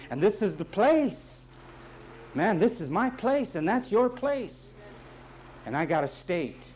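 Male pastor, fiery repetitive sermon, somewhat high voice, faint hiss behind. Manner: emphatic, repetitive preaching with folksy asides.

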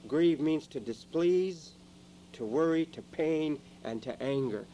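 Man preaching, dramatic swings from low to loud, warm mellow tone, faint hum behind. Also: animated, a little slow, low-quality recording. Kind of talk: sermon. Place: church.

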